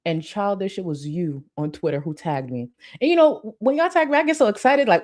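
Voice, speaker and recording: A woman's voice: medium pitch, lively intonation, a little fast, darkish tone. A woman hosting a commentary channel, reacting to clips with a sassy, mocking rant and talking back at them.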